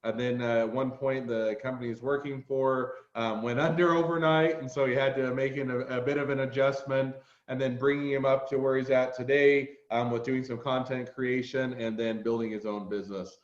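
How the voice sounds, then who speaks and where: A man's voice: mid-range voice, steady tone, moderate pace, hardly any pauses, roomy sound, muffled recording. A man with a Utah accent hosting a podcast interview, rambling and drifting into side tangents. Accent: Utah American. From Utah, USA. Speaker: podcast host. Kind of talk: casual interview.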